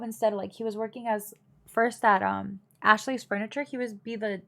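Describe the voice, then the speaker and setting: A woman's voice: fairly high pitch, steady tone, moderate pace. Blunt, gossipy young woman streamer. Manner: gossipy and blunt, with frequent fillers. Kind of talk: casual chat with live chat.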